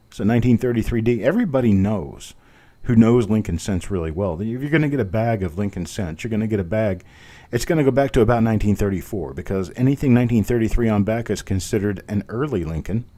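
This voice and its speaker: A man runs a live online coin auction, calling out bids in a steady, rhythmic patter. His voice sits low and sounds warm and relaxed. Between lots he chats and jokes at his own expense. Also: fairly quick. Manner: chatty, self-deprecating, rhythmic bid calling. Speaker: auctioneer host.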